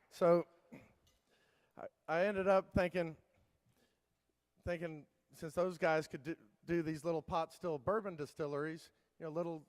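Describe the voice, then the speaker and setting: A man giving a keynote talk, telling his story in a loose, rambling way with many fillers and restarts. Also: on the high side. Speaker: keynote speaker. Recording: long hall reverb.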